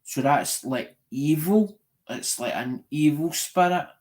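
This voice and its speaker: Slow-paced and animated, this middle-aged Scottish man has a voice on the high side with a darkish tone. As host of a live-stream show, he chats casually, telling a meandering story full of swearing and repeated "right?"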